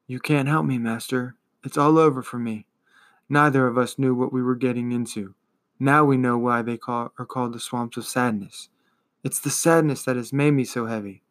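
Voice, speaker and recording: A man voicing a weary, despairing little male horse, speaking softly and low in a storybook reading. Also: fairly even intonation, moderate pace, lightly acted. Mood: resigned.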